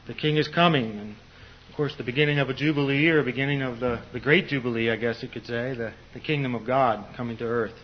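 A man's voice: medium pitch, fast, slight background noise. An older man teaching on a Bible passage in a conversational sermon, full of "you know" fillers and restarts. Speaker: preacher. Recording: slightly dull lo-fi recording.

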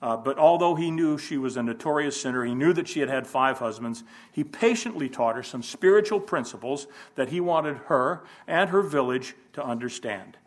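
A man's voice: medium pitch, expressive, normal speed. Folksy man teaching a Bible class. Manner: conversational, thinking aloud with rhetorical questions. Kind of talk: informal Bible lesson.

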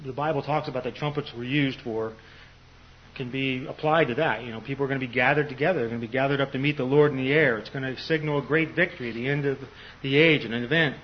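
A man's voice: medium pitch, a little hiss or hum. Older guy preaching casually off a bible passage, lots of you-knows, kinda dull lo-fi sound. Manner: conversational, many "you know" fillers and restarts. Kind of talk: informal Bible teaching. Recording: slightly dull lo-fi recording.

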